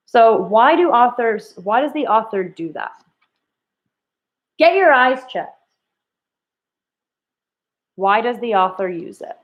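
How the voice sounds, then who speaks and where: A woman teaching a recorded reading lesson to children, asking slow, emphatic questions and acting out the quoted lines. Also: fairly high pitch, expressive, muffled recording.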